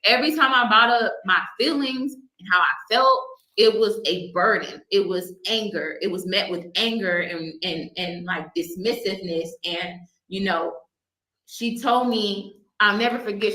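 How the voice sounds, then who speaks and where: A woman's voice: medium pitch, a little slow, pushed and bright. Woman telling a story in an echoey room. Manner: earnest storytelling with restarts. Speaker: interview guest. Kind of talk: recounting a past relationship.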